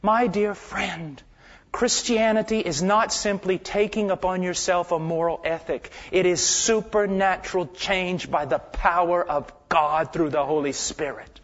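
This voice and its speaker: A man preaching a sermon with passion, swinging from loud, emphatic lines down to hushed near-whispers. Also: sits high, steady tone, measured pace. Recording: dull lo-fi sermon recording.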